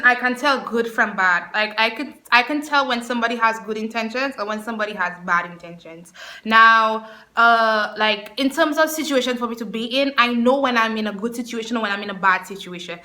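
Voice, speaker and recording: A woman in her twenties telling an animated story in a casual vlog. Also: a little high, fairly quick. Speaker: vlogger.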